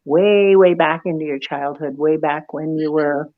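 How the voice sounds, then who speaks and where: A woman's voice: sits low, a little slow, narrow, tinny audio. A woman guest in a casual chat who laughs at herself and speaks about self-acceptance.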